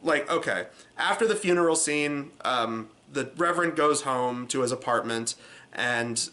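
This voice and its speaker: Bright-voiced sarcastic male movie reviewer. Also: mid-range voice, lively intonation, measured pace. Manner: sarcastic, rambling with fillers. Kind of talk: casual comedic review.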